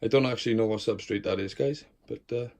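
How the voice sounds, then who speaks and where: A man's voice: lowish voice, fast, gravelly, a little mellow. A man giving a casual room-tour vlog of his tarantulas at home in his bedroom. He chats freely, swears, and coaxes and scolds his spiders as he goes. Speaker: tarantula keeper showing his collection.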